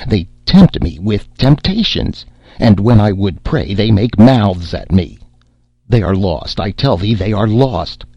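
A man's voice: fairly low pitch, expressive, a little slow, darkish tone, breathy edge, no room sound, lo-fi sound, exaggerated voice. A man voicing a stern, zealous old priest who rebukes in thundering archaic speech. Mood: fervent.

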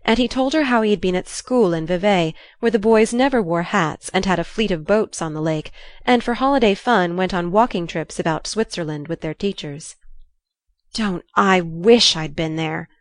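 A woman reading a classic novel aloud as narrator, expressive and lively in the dialogue. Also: mid-range voice, brisk, no room sound. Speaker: audiobook narrator. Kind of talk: scripted narration with character voices.

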